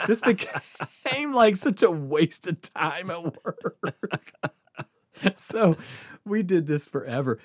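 A man's voice: high voice, animated, slow, no room sound, clean studio sound. Laughing, profane man telling stories. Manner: laughs often mid-story, profane, says "dude" a lot. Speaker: podcast storyteller. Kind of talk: casual storytelling.

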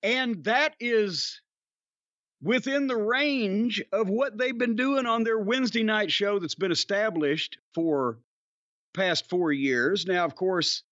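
A man co-hosting a podcast in profane, gruff, sarcastic casual chat. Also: high-pitched, slow pace, fairly bright tone, no room sound, highs cut off. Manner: gruff, sarcastic, bursts into mock singing. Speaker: podcast co-host.

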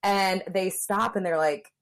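A woman's voice: mid-range voice, steady tone, unhurried. A young woman chatting casually and frankly, with lots of fillers, acting out what people said. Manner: candid and frank, many fillers, acts out quotes. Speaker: guest telling a story. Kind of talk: casual chat.

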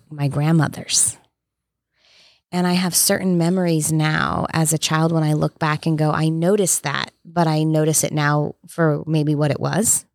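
A woman's voice: low voice, darkish tone, no room sound, clean studio sound. A woman in her thirties talking earnestly in a casual conversation, telling personal stories with many "like" fillers.

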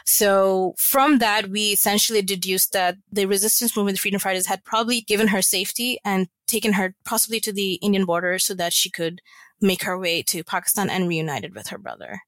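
A woman's voice: medium pitch, fairly quick, fairly bright tone, no room sound. A woman guest on a podcast, recounting a family story in an earnest, reflective way with many casual fillers. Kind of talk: personal storytelling in an interview.

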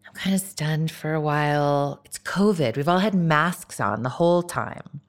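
A woman's voice: low-pitched, unhurried. A woman film director as a guest in an interview, talking candidly and casually with frequent laughs and fillers.

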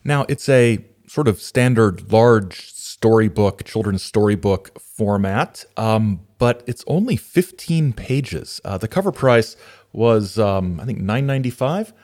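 Hesitant lower-voiced man reading aloud. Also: unhurried. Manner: hesitant, many fillers, lively when reading verse aloud. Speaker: podcast host. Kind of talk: casual commentary and storybook reading.

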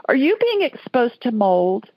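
A woman's voice: a little high, sing-song, a little slow, slightly rough, no room sound, muffled recording. A woman from Alabama hosting a call-in radio show, talking in a chatty, folksy way. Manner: chatty, folksy, laughs easily. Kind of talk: casual call-in chat.

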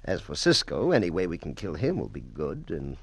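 A man's voice: sits low, huge pitch swings, a little fast, husky, dry recording, exaggerated voice. A man playing a scheming villain with a put-on French accent in a 1950s radio drama, oily and menacing. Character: scheming villain Duke with a fake French manner.

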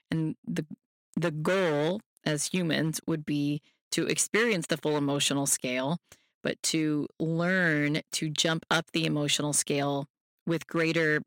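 Podcast host, self-help talk, gentle, reassuring, talks straight to the listener, mid pitch. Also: no room sound, clean studio sound.

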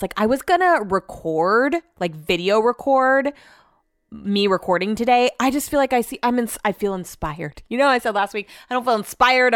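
A woman's voice: medium pitch, a bit bright, dry recording, clean studio sound. Rambling, profane woman podcaster. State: sore and tired. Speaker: podcast host and radio host. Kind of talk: casual solo podcast monologue.

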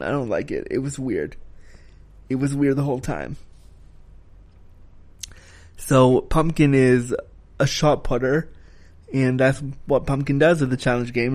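A man's voice: medium pitch, darkish tone. A man giving a casual spoken film review, talking frankly and critically, with the occasional swear word.

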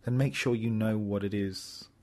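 A man co-hosting a casual chat about video games, his voice sitting a little low. He explains at length, circling back with fillers and restarts. The delivery is loose and conversational. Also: fairly even intonation, normal speed, mellow. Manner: rambling, filler-heavy, explanatory. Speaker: gaming show co-host.

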